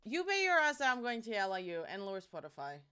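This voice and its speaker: A woman's voice: mid-range voice, sing-song, quick pace, sharp tone, clean tone. A young woman streaming a game and chatting casually with her viewers, playful and teasing, swearing freely into her streaming microphone.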